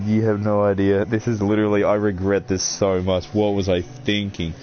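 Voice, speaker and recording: A man's voice: lowish voice, completely flat delivery, moderate pace, hardly any pauses. A young man, chatting casually and crudely while unboxing, swearing a lot and calling everyone dude and bro. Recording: dull lo-fi audio with faint music.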